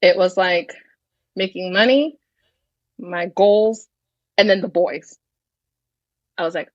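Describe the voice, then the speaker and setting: A woman's voice: fairly low pitch, fairly even intonation, slow, long pauses, dry recording, muffled recording. Bold, frank woman in her thirties. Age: 30s. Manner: confident, frank, swears freely. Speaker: podcast guest. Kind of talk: casual interview chat.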